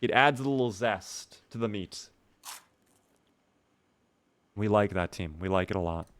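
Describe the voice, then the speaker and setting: A man's voice: lowish voice, unhurried, a bit bright. A man giving casual, jokey live-stream commentary over a game, chatting with and thanking his viewers.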